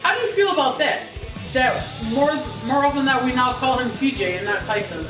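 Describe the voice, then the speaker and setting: A woman's voice: high-pitched, a little fast, distant mic. A woman co-hosting a casual wrestling chat show, talking in a chatty, profane, storytelling way. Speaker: podcast co-host. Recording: roomy live stream with music, off-mic.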